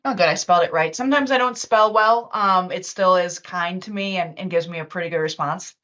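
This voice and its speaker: A woman presenting a live software demo in a casual, chatty way, with many fillers and restarts. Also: lowish voice, a little fast. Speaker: webinar presenter and user group organizer. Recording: dull lo-fi online meeting audio.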